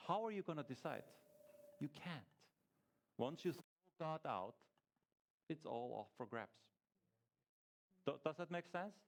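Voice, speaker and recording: A man's voice: on the high side, animated, a little slow, pauses often. A man giving an informal teaching talk to a small church group, conversational, asking the group questions as he goes and often restarting his sentences.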